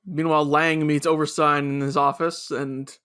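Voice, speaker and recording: A man with a somewhat high voice co-hosts a casual podcast chat. He cuts in with quick asides and jokey additions to keep the back-and-forth going. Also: little pitch movement, a bit bright, clean tone. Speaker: podcast co-host.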